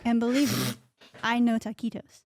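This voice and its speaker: A woman's voice: fairly high pitch, little pitch movement, moderate pace. Earnest woman reading listener mail. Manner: earnest, plain reading, self-conscious. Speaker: reader of listener questions.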